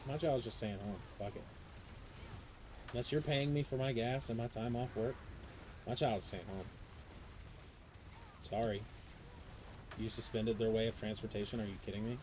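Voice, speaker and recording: A young man live-streaming a game, talking in a loose, casual way. He swears constantly and gets worked up as he rants through his stories. His voice sits at an ordinary pitch with a mellow, soft-edged tone, over a faint hiss of noise. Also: moderate pace, long pauses, poor audio. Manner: profane, animated ranting storyteller. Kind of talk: casual chat while gaming.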